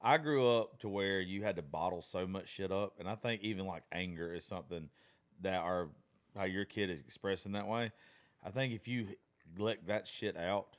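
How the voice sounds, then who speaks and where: A man's voice: low voice, normal speed. A man in his thirties in a casual chat, rambling with lots of fillers and swearing about his daughter.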